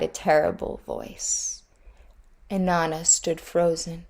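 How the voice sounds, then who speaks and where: A woman reads a storybook aloud at an unhurried, measured pace. Her voice sits low and calm. Each line is placed with care. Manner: measured, deliberate reading.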